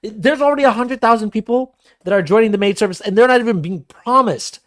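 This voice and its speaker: A man's voice: high-pitched, quick pace. Male podcast host, casual and profane, acts out quotes in bursts. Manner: animated, swearing, acts out quoted voices.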